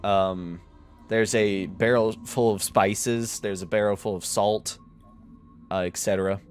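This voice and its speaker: A man narrating a tabletop role-playing game as game master, casual and quick to laugh. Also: lowish voice, steady tone, faint music behind.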